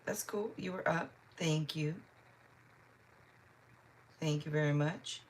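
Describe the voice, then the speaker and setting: A woman's voice: low-pitched, slow pace. A woman from Seattle, a tarot reader on a live stream, chatting casually and answering viewers' comments one by one. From Seattle, Washington. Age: adult.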